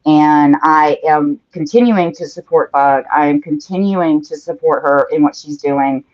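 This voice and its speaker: This painting-show host has a deep, darkish voice and takes her time, chatting casually and reading viewers' comments while she paints. It's captured in dull, lo-fi livestream quality.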